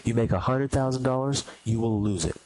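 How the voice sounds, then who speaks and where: A man's voice: mid-range voice, brisk, a little mellow. A man teaching a recorded trading lesson, blunt and emphatic, hammering his points home by repeating them. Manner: acts out anxious beginners in mock quotes. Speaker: trading instructor.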